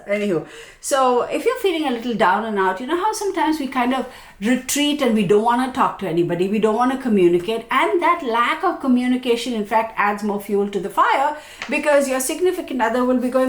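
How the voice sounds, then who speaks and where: A woman's voice: a little high, lively intonation, a little fast. A woman astrologer giving a casual yearly forecast, chatty and self-mocking, often checking in with her viewers. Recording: echoey room.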